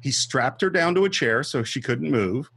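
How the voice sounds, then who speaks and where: A man's voice: medium pitch, expressive, normal speed, gravelly, fairly bright tone, breathy edge, dry recording. A man co-hosting a film podcast, casually retelling scenes step by step and acting out quotes. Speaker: podcast co-host. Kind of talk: casual film-discussion chat.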